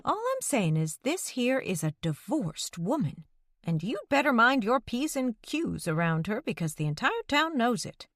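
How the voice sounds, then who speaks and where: Woman reading as a meddling old small-town mother, scolding and nosy, voice lifted higher than the narration, dry close sound. A disapproving grandmother who frets over gossip. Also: very animated, measured pace, fairly bright tone, no echo. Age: older.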